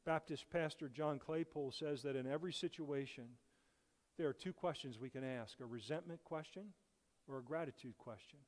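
A man's voice: on the high side, normal speed, big-room sound. A man preaching a sermon as a guest speaker in a church, with earnest emphasis that rises and falls. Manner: earnest, rising and falling emphasis. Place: church sanctuary.

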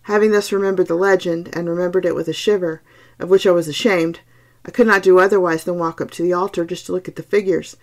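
Low, gravelly woman reading a ghost story. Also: steady tone. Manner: slow, hushed, suspenseful. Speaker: podcast host reading a story.

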